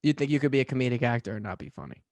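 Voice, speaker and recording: A man's voice: medium pitch, racing, darkish tone, dry recording. A man co-hosting a podcast, chatting casually and teasing his friend with dry quips. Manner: wry, teasing interjections. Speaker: podcast co-host. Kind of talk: casual chat.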